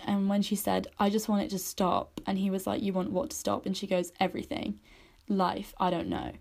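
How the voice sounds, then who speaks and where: Candid woman, mellow voice. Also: mid-range voice. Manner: candid, emotional, speaks in run-on spoken sentences with many likes. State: choked up. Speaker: podcast host. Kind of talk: personal podcast monologue.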